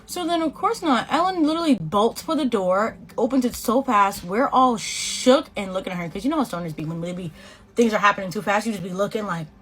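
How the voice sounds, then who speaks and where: A woman's voice: medium pitch, brisk. A young woman from Boston in her twenties, telling a slangy, swear-laced storytime while doing her makeup and acting out the people in it. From Boston, USA. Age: 20s. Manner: animated, slangy, swearing, quotes people in voices. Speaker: beauty vlogger.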